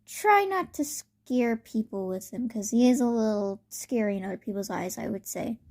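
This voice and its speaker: A kindly grown-up superhero mentor, easygoing and encouraging with a young fan, as a woman voices him. The voice stays near her own fairly high speaking voice, without much of a put-on. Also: animated, moderate pace, a little mellow. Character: confident adult male top superhero, kindly mentor.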